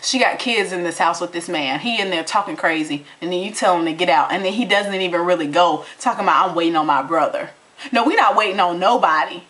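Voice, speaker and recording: A young adult woman in a casual, fired-up chat recapping a reality show, talking with animated indignation and folksy turns of phrase. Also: on the low side, fast talker, few pauses. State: out of breath. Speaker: TV recap vlogger.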